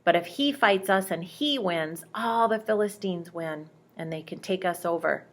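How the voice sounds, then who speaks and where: A woman's voice: on the low side, normal speed, lightly acted. Woman reading a worried older brother soldier.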